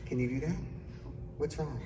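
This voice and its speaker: A man hosting as a stage hypnotist, with a playful, coaxing delivery that jumps into excited exclamations. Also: mid-range voice, normal speed, dull audio, background noise. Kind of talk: playful live hypnosis demo. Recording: roomy echo.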